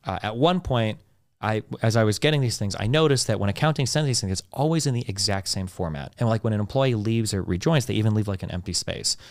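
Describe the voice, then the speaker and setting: A man rattles off stories at a rapid clip, cursing freely and hammering his points home. His voice sits on the low side and comes through dry and close on the mic, with no room around it. He sounds like a guest on a casual podcast. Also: no room sound. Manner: fast, ranting, heavy swearing. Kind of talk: casual storytelling, profane and emphatic.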